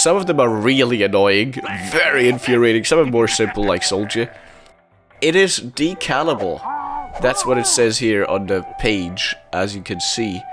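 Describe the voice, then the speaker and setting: A young man casually commenting on video game items, chatty and enthusiastic, often laughing. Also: mid-range voice.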